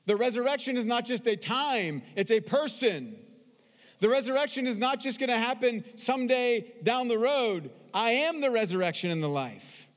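A man preaching a sermon, expressive, reading scripture slowly and with emphasis. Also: extremely high pitch, big-room sound. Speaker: pastor.

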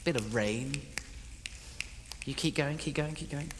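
A man preaching live in a church hall, playful and energetic, directing his congregation as he tells a story. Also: a little high, measured pace. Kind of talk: interactive sermon storytelling. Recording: reverberant hall, faint noise.

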